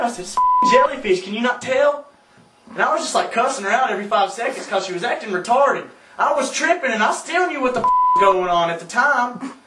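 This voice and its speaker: A young Southern man casually telling a profane, animated story to friends, laughing often and yelping through his quoted outbursts, recorded from far off in an echoey room. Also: high voice. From South Carolina, US. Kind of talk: casual anecdote among friends. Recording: echoey room, mic from far off, faint noise.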